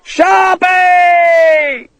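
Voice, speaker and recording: A man voicing a deranged, twitching male soldier who pleads and shrieks hysterically in a shrill voice. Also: sing-song, normal speed, husky, no room sound, exaggerated voice.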